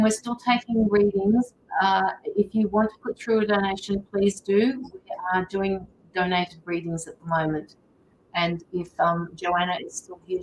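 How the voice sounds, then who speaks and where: A woman giving a live-streamed tarot reading over a video call, relaying messages with many pauses and fillers. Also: mid-range voice, slight background noise, low-quality recording. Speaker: tarot card reader.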